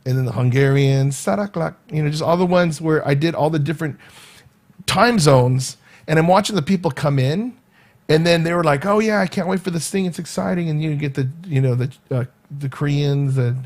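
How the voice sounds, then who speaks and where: A man's voice: fairly high pitch, normal speed, a little mellow. Rambling middle-aged man hosting a vlog. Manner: rambling, many fillers and restarts. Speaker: vlog host. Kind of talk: casual rambling monologue.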